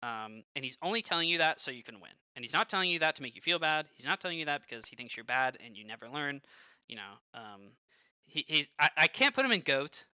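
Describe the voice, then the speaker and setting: A young man in his twenties, a streamer and former pro gamer, telling animated stories full of filler words and cursing. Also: on the high side, fast, clean tone, no room sound. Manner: animated storytelling, heavy use of filler like and swearing. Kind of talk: casual stream commentary. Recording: dull lo-fi, dry close sound.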